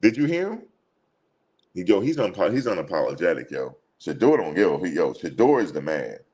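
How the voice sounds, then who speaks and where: A man with a very deep, low voice talks in a loose, casual way. He is blunt, repeats his points, and speaks straight to his listeners as y'all. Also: big pitch swings, a little fast, darkish tone, breathy edge. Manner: blunt, informal, repeats himself for emphasis; addresses listeners directly as y'all. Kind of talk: casual opinion talk.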